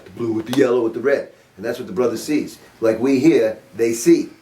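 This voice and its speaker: A man's voice: mid-range voice, a little fast, warm tone, a little hiss or hum. Blunt older man teaching sax, roomy. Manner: blunt, informal, quizzes the class, swears casually. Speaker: saxophone teacher. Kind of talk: master class teaching. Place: music studio. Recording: roomy sound from a distant mic.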